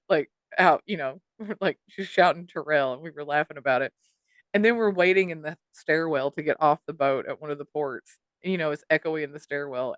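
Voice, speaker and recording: A woman's voice: deep voice, no echo, clean studio sound. A woman co-hosting a podcast, telling a story in casual chat, swearing and mimicking the people she quotes. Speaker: podcast co-host.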